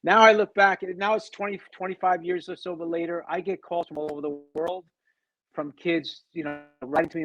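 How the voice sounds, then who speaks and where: A middle-aged man telling a personal story as an interview guest, animated, acting out the people he quotes and often restarting his sentences. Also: a little high, fairly quick, muffled recording. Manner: animated, acts out quoted dialogue, frequent restarts.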